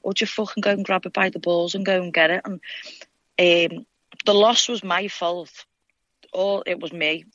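A woman's voice: on the low side, steady tone, moderate pace, fairly bright tone, no room sound, muffled recording. A young woman with a Scouse accent, a fighter, chatting freely in an interview and swearing often. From Liverpool, England. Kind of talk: casual interview.

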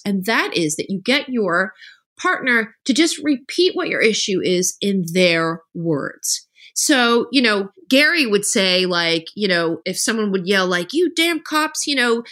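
Lively, animated woman telling stories. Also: medium pitch. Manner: animated storyteller, acts out quoted voices. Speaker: author and podcast guest. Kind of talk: casual conversational interview.

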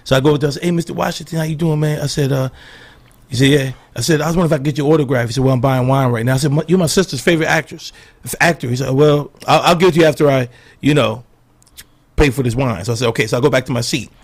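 A man's voice: medium pitch, racing, husky. A man, a comedian, telling profane stories in a casual chat and acting out what people said. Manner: animated, profane, acts out quotes in others' voices. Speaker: comedian guest.

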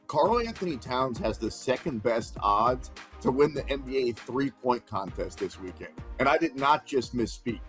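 A man's voice: mid-range voice, expressive, normal speed, a bit bright, soft background music. A man hosting a sports betting podcast who jokes around and reads out betting odds. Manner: jokey, plugs betting odds. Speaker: podcast host.

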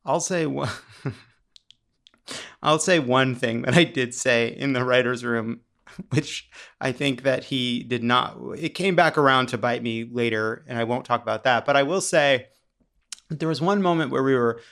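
A man's voice: mid-range voice, moderate pace, vocal fry, a bit bright. A man co-hosting a podcast in casual chat, talking with wry, laughing asides. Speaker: podcast co-host.

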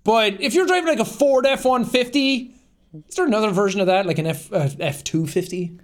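A man's voice: high voice, a little fast. A man co-hosting a podcast in casual chat, crude, profane and joking. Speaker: podcast co-host.

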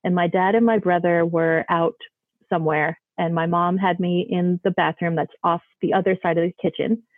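A woman's voice: on the low side, steady tone, moderate pace, dry recording. A woman chatting through a story in a loose, casual way, sprinkling in fillers as she goes. Her voice comes over a thin, phone-like line with a dry, close sound. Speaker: guest telling ghost stories.

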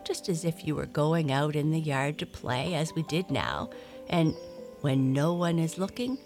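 A woman's voice: sits low, expressive, unhurried. A woman voicing a worldly young male cat in a storybook, speaking in a knowing, slightly proud way. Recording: clear music behind voice.

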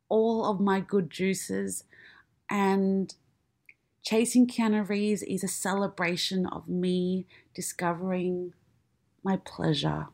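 Slow, earnest woman. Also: medium pitch, vocal fry. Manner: earnest and emotional, with dramatic pauses. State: close to tears. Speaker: podcast host and comedian. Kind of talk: personal monologue.

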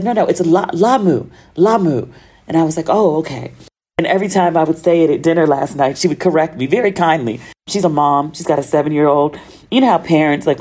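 An American woman hosts her own casual solo podcast, telling travel stories in a chatty, slangy style and acting out the dialogue. Her voice is deep and a little mellow.

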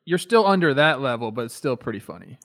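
A man's voice: medium pitch, lively intonation, fast talker, fairly bright tone. A man chatting in a laid-back, amused way on a podcast. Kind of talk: casual podcast chat.

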